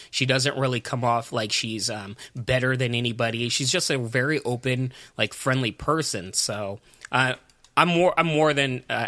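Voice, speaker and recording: Chill podcast dude, bright tense voice, lots of ums, dry mic. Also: male voice, medium pitch, no room sound. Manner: laid-back, chatty, lots of ums and "you know". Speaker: podcast co-host. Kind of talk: casual podcast chat.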